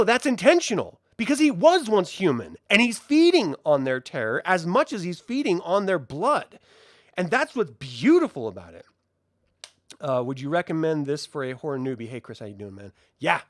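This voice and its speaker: A male reviewer with a pitch a little higher than most men's talks at a moderate pace about a film, answering viewer questions in a casual spoken review. He's animated and passionate, using frequent fillers as his voice swings widely up and down, and the recording is dry and close with no room echo.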